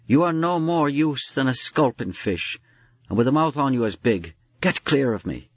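A man's voice: mid-range voice, expressive, moderate pace, dry recording, highs cut off, pitched above the performer's own voice, natural voice. A man voicing a bitter, lovelorn young fishergirl who whines and hisses with scorn. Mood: scornful. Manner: whining, self-pitying, then hissing scorn.

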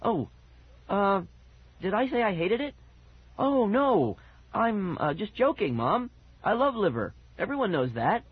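A man's voice: sits high, sing-song, unhurried, pauses often, slightly rough, dry recording, pitched above the performer's own voice, full character voice. A man voicing a nervous young impostor boy who stammers and flusters in a storybook reading. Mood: flustered. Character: nervous phony boy, stuttering. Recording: dull lo-fi recording.

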